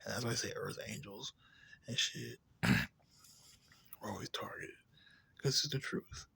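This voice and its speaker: A man ranting in a rambling, profane, casual way, drifting between low mutters and louder outbursts. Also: big pitch swings, slow pace, vocal fry, husky, in a whisper. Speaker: vlogger.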